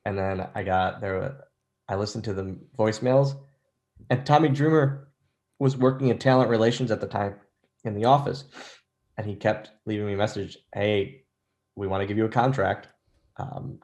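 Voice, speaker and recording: A man in his thirties, a guest on an interview, telling stories casually and acting out the lines people said to him. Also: fairly low pitch. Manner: animated storyteller, acts out quoted lines. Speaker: interview guest, former wrestler.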